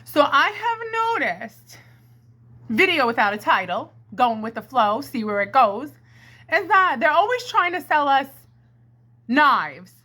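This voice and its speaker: A woman talks into a karaoke mic with an echo, in a high, bright voice. She takes her time, drawing out a free-flowing comedy ramble. She plays it theatrical, working the crowd with "ladies and gentlemen.". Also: sing-song, unhurried. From Brooklyn, New York. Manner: theatrical, addresses the audience as "my friends" and "ladies and gentlemen". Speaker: comedy vlogger. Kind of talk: rambling stream-of-consciousness comedy monologue. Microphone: handheld karaoke microphone.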